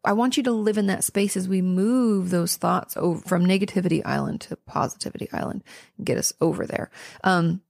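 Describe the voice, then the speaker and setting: A woman's voice: lowish voice, fairly quick, vocal fry, darkish tone, no room sound, clean studio sound. A young woman hosting a podcast, answering listener questions in an earnest, reassuring way, tired and yawning, with plenty of ums and restarts. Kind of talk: casual advice talk.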